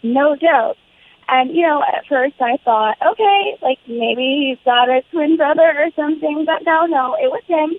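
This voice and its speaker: A woman's voice: high-pitched, a little slow. Accusing American woman on the phone. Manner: indignant, accusing. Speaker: caller. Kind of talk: casual phone chat. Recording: tinny phone line.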